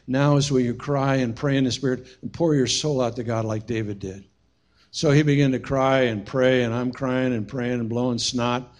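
A middle-aged man preaching a sermon as pastor, telling a personal story and swinging from hushed to shouting. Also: mid-range voice.

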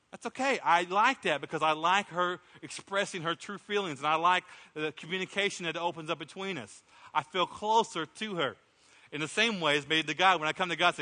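A man's voice: fairly high pitch, a little fast, pushed and bright. A middle-aged man preaching a sermon as pastor, impassioned, acting out prayers in a raised voice. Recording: long hall reverb.

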